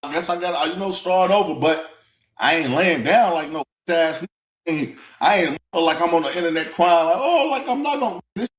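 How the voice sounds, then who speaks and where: A man in his thirties talks bluntly and defiantly, streetwise and unbowed, in a slightly high voice. The room around him echoes. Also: steady tone, normal speed, fairly bright tone. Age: 30s. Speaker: interviewee. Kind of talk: casual interview talk.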